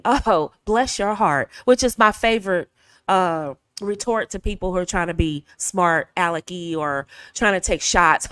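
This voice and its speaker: A woman's voice: on the high side, a bit bright, no room sound. Southern woman chatting advice to camera, laughs a lot, dry close mic. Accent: Southern American. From American South. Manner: chatty, laughs often, acts out quoted phrases. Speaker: video host. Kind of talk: casual advice talk.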